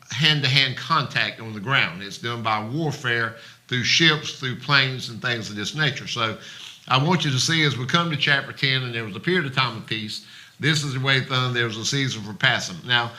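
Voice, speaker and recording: A man's voice: medium pitch, sharp tone. A man preaching a sermon in a church, folksy and plain-spoken, acting out the voices of those he quotes. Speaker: pastor.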